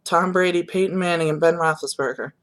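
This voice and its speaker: A man's voice: fairly high pitch, steady tone, a little fast, a bit bright. A young man vlogging his reaction to the games in a rambling, subdued, disappointed way, with many fillers and restarts. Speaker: sports vlogger. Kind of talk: casual reaction monologue.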